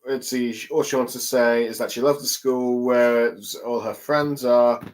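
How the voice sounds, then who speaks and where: Man, young adult, solo reviewer, casual recap, halting, lots of fillers. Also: mid-range voice, fairly even intonation, low-quality recording. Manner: halting, many ums and let's sees. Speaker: chapter reviewer.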